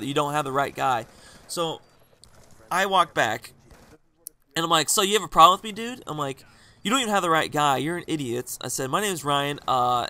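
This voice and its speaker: A man's voice: on the high side, sharp tone. A young man telling a rambling, casual story as a gaming commentary vlogger, chatty, laughing and swearing freely into a desk microphone. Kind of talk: casual storytelling over gameplay.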